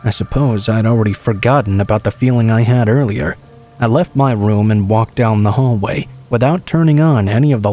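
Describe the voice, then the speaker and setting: A man calmly reading true horror stories aloud as a scripted narration. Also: medium pitch.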